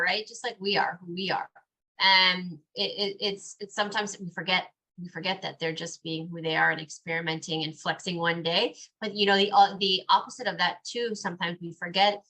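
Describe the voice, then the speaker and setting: In a casual podcast conversation, a mother with a mid-range voice talks in a lively way. She acts out snippets of quoted dialogue as she goes.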